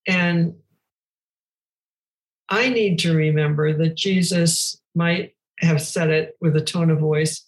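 An older woman speaking as a podcast guest, reflecting thoughtfully and gently on scripture in conversation. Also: low voice, fairly even intonation, slow, rough recording.

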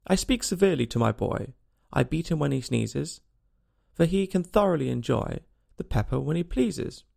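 A man reading aloud and voicing a rough, bossy noblewoman who chants her lines harshly. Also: on the high side, animated, normal speed, darkish tone, heavily acted. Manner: harsh, sing-song and bossy.

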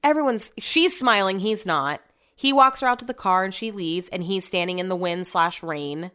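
Smooth-voiced woman podcaster, chatty and blunt. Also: medium pitch, moderate pace, fairly bright tone. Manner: chatty, blunt and sarcastic, swears freely. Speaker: podcast host. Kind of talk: casual reality-TV recap.

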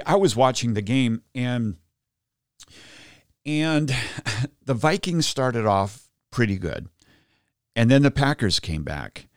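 A middle-aged man speaking in a Catholic teaching talk, his pitch swinging widely as he tells a story and acts out his own reactions. The sound is close and dry, with no room around it. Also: dry recording. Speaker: podcast host.

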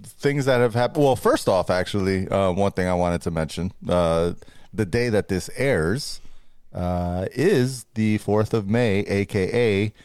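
A man's voice: lowish voice, a little slow, darkish tone, smooth, dry recording, clean studio sound. A man co-hosting a podcast in loose, joking casual chat, laughing often. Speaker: podcast co-host.

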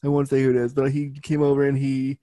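A man's voice: mid-range voice, flat delivery, quick pace, mellow, dry recording. A man talking as a guest, telling a personal story frankly and bluntly, with lots of fillers. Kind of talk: casual storytelling.

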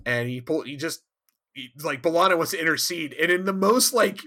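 A man co-hosting a podcast, telling a rambling, animated recap with frequent asides. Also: fairly high pitch, a little fast. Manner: rambling, animated, laughs often. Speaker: podcast co-host. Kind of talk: casual recap chat.

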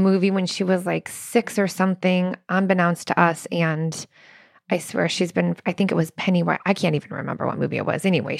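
A woman's voice: medium pitch, creaky, no echo, studio quality. A woman in her thirties co-hosting a relationship podcast, telling stories in an earnest way with quoted dialogue. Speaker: podcast co-host. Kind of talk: casual relationship talk.

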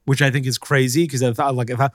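A man's voice: medium pitch, little pitch movement, fast talker, a bit bright, dry recording. Male podcast co-host, casual, rambling delivery, dry close mic. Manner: rambling, full of fillers and restarts. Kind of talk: casual chat.

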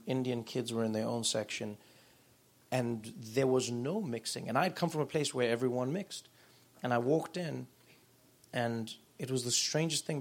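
A man, a guest author and comedian telling animated stories in a live on-stage conversation. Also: medium pitch, gravelly, breathy edge. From South Africa. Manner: animated storytelling. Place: live event room.

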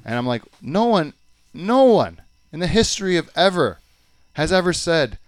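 A man's voice: on the high side, sing-song, normal speed, no room sound. A middle-aged man hosting a podcast, ranting and exasperated in casual chat and swearing freely. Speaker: podcast host.

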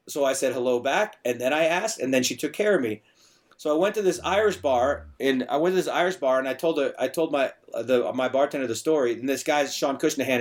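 A middle-aged man chatting on a podcast, voice sitting at an ordinary middle pitch. He tells stories in a loose, rambling way, circling back over his words as he goes. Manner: chatty, storytelling, frequent restarts and filler. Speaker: bar owner and bartender guest. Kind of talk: casual podcast conversation.

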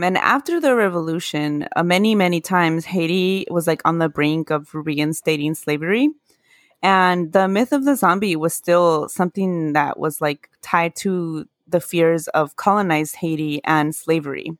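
Speaking at a measured pace in a rather low voice, a woman co-hosting a podcast casually walks through folklore history. Earnest in tone, she laughs whenever she mispronounces something, and the studio-quality audio has no room sound.

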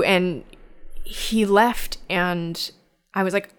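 Low-voiced woman telling a personal story. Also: gravelly. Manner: halting, restarts and repeats words; reflective, candid.

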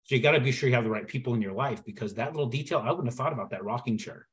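Animated male storyteller on a podcast. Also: medium pitch, racing. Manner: animated storyteller acting out dialogue. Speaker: podcast guest. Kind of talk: storytelling in conversation.

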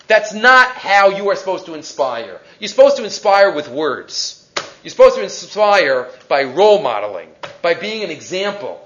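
Animated man teaching a Torah class. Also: high voice, normal speed, muffled recording. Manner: animated, rhetorical questions, Hebrew terms.

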